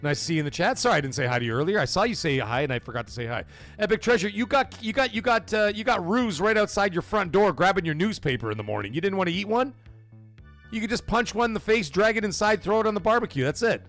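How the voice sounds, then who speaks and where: Lively joking male stream host. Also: high-pitched, fast, faint music behind. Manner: animated, profane, joking banter with chat. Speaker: livestream host. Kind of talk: casual livestream chat, reading out chat.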